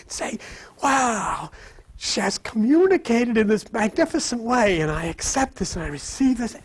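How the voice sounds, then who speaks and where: Animated man giving an informal sermon. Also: high voice. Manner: lively, conversational, acts out quoted voices. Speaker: spiritual teacher. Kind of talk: informal sermon to a live audience. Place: room with live audience.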